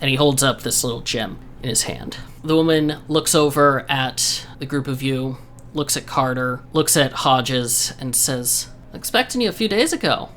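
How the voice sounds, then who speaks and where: A woman narrating a tabletop game as game master, in a relaxed, descriptive storytelling manner. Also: very deep voice, a little slow, slight background noise.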